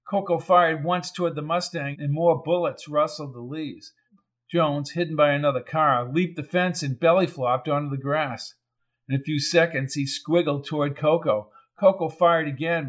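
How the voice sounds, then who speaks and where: A man reading a crime novel aloud in even, measured scripted narration. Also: fairly high pitch. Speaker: audiobook narrator.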